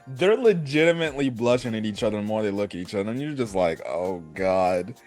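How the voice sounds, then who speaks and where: A young man excitedly recapping an anime episode in a rambling, casual way, full of "bro" and "right?". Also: medium pitch, fast, soft background music. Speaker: anime reviewer.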